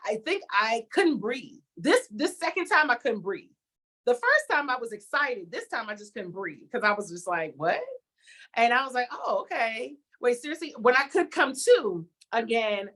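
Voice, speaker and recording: A young adult woman, a TV host, chatting as an interview guest and telling a story with lively acted-out reactions. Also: mid-range voice. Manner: animated storytelling, acts out her own reactions. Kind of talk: casual interview chat.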